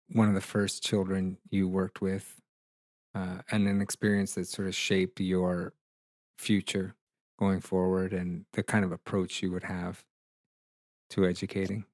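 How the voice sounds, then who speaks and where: A man hosting a podcast, asking the guest questions in a measured, deliberate way with fillers. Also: low voice, level tone, a little mellow, no echo, clean studio sound. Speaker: podcast host. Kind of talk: interview questions.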